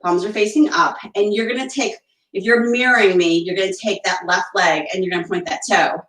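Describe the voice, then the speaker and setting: In a room at home, a woman leads barre exercises at a fairly quick clip in a mid-range, slightly bright voice. She counts reps, cheers her class along and chats in between, a little short of breath. The low-quality audio comes from a distant mic in an echoey space.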